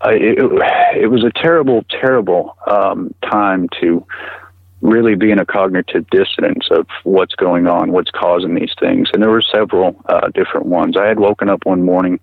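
A middle-aged man recounting a personal experience as an interview guest, halting and earnest, often repeating words as he talks. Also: low-pitched, little pitch movement, creaky, breathy edge, no echo, phone-quality sound. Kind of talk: personal account in conversation.

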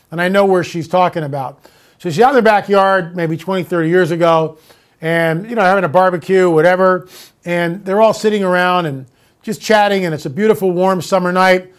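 A man with a notably high voice talks straight to his audience as the host of his own show. He rants in exasperation and then shifts into telling a story. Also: brisk. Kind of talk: opinionated monologue.

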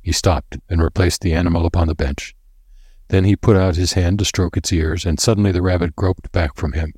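A male narrator reads a scripted story in a measured, steady way, his deep voice carrying a husky grain. The recording is dry and close, with no room sound.

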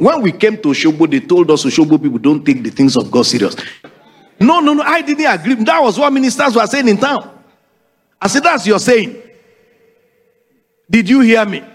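Pastor, high lively voice, emphatic call-and-response preaching. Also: male voice, husky. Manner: emphatic, repetitive, calls for congregation responses. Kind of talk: preaching sermon.

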